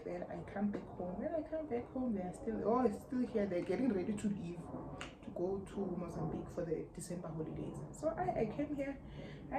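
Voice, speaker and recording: A young South African woman with a South African accent, telling a personal story in a lively vlog and acting out her relatives' lines. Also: mid-range voice. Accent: South African English. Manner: animated, acts out relatives' lines, slangy. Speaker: YouTuber. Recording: echoey room, faint background hum.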